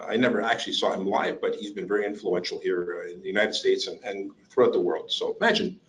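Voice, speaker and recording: Animated man coaxing an audience. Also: low voice, fast talker, low-quality recording. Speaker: workshop presenter. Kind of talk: interactive workshop talk. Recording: online webinar.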